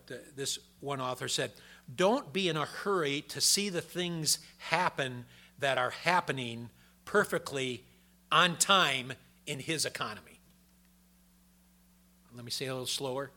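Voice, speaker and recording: An older man preaching a sermon in a folksy, conversational way, telling personal stories, with a gravelly voice. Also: mid-range voice, measured pace, pushed and bright.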